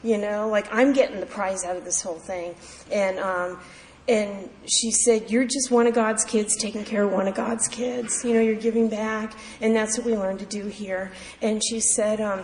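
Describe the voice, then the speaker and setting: A woman's voice: medium pitch, fairly even intonation, normal speed, darkish tone, slight background noise. A woman sharing her recovery story at a meeting, talking casually with many fillers and restarts. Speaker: AA meeting speaker. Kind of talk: personal recovery talk. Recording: echoey hall, faint ambience.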